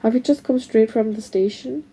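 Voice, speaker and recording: A blunt young dad fires off questions, read by a woman from a novel. The voice is dark and a little husky, without much change from a plain reading voice. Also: a little high, moderate pace, low-quality recording. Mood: questioning. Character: puzzled young father, blunt and curious.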